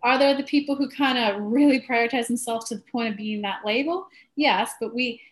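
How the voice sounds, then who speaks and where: High-voiced woman coaching a client. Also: brisk. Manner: animated when acting out others' words, softer when guiding. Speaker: spiritual coach. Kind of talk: coaching session.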